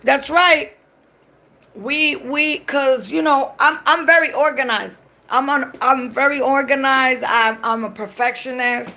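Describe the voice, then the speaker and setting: A woman's voice: sits high, a little slow, sharp tone. A Puerto Rican woman chatting casually on a live stream. She swears freely and switches between English and Spanish mid-sentence. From Puerto Rico.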